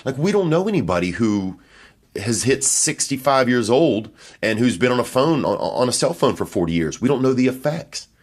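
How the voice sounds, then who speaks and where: A man's voice: mid-range voice, very animated, normal speed. A man hosting his podcast, telling loose, profane, offhand stories in a rambling comic monologue from a hotel room. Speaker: podcast host and comedian.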